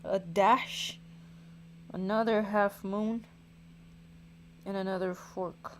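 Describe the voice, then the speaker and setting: A woman's voice: mid-range voice, steady tone, slow pace, long pauses, darkish tone, a little hiss or hum. A woman hosting a livestream who thinks aloud in casual chat as she draws, tired, sighing and poking fun at herself. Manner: thinks aloud, self-mocking, sighs. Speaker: livestream host and singer.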